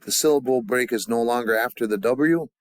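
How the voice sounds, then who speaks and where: A man teaching a language class, leading the students through call-and-response drills and pausing often with fillers and restarts. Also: mid-range voice, no echo. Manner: halting, with many fillers and restarts. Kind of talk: classroom grammar lesson.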